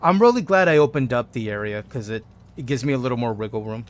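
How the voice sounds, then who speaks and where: An excitable man talks through a video game on a live stream, answering messages from his chat. His voice sits at a middle pitch, and he keeps saying "dude" when he gets worked up. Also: quick pace. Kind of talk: casual live gameplay commentary.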